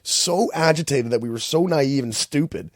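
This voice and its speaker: A Canadian man co-hosting a podcast, telling travel stories in casual chat and acting out other people's lines in high voices. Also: normal speed, no echo, clean studio sound. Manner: animated storyteller, acts out quotes in high voices. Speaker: podcast co-host.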